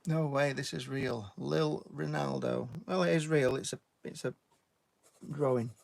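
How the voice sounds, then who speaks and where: Gravelly chatty British man. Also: mid-range voice, steady tone, a little slow, darkish tone. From Britain. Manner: chatty, reads out viewer names and thanks them, "mate". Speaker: artist live-streaming. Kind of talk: casual drawing tutorial chat.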